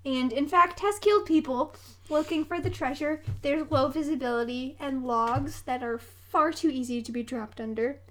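A woman's voice: sits high, moderate pace. A woman co-hosting a podcast in casual chat, telling a story with frequent giggles. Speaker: podcast co-host.

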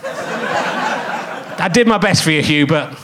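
A man in his fifties with a noticeably high speaking voice hosts a comedy podcast from a theatre stage. He rambles, trips over his own sentences and undercuts himself with jokey, self-mocking asides. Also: wildly swooping pitch, slow, a bit bright, slight background noise. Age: 50s. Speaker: podcast host. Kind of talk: comic live podcast hosting on stage.

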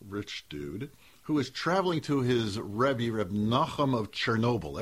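A man's voice: lowish voice, slightly rough. A man hosting a radio show, telling a folk story in a casual, conversational way with slang asides.

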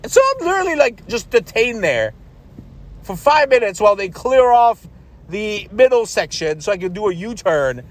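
A male podcast host telling a personal story in a chatty, animated way, swearing freely. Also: sits high, moderate pace. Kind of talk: casual storytelling.

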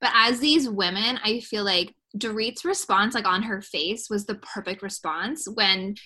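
A woman's voice: mid-range voice, unhurried, sharp tone. A woman co-hosting a podcast, chatting casually about a reality show and acting out what the cast said, with lots of "like" fillers. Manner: chatty, acts out quotes, many "like" fillers. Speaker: podcast co-host.

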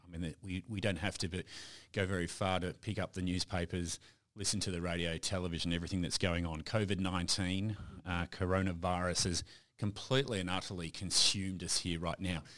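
A man's voice: low voice, little pitch movement, fairly quick, fairly bright tone. A man hosting a podcast interview, chatty and prone to restarts. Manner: chatty, stumbling over restarts. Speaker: podcast host. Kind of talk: casual interview.

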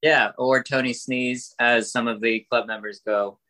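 A man's voice: mid-range voice, fairly even intonation, a little slow, bright, forceful tone. A man appearing as a podcast guest, introducing himself in an easygoing way. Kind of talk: casual chat.

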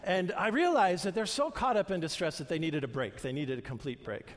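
Older male pastor, earnest and chatty in the pulpit, higher-pitched, recorded with a long reverb in a church hall. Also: expressive, a little fast. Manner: conversational, earnest, with restarts and asides. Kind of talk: sermon.

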